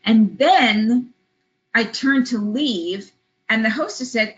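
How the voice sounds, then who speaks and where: A woman's voice: a little high, takes it slowly, highs cut off. A woman leads a travel business webinar and tells a personal story to make a point, chatting with lots of fillers. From California. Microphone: webinar computer mic.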